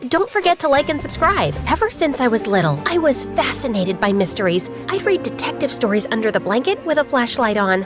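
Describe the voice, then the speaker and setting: Lively high-voiced woman narrator. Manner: lively, playful. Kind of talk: animated first-person story narration.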